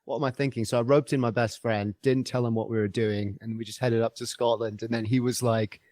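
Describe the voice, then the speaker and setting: A man's voice: medium pitch, little pitch movement, a little fast, a little mellow, no room sound. A man guest on a podcast interview, telling a travel story in an enthusiastic, rambling way with many fillers and restarts.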